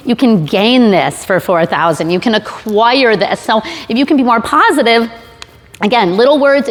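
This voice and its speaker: A woman giving a casual sales talk to a live audience, chatty and jokey with many fillers and restarts. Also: on the high side. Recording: long hall reverb.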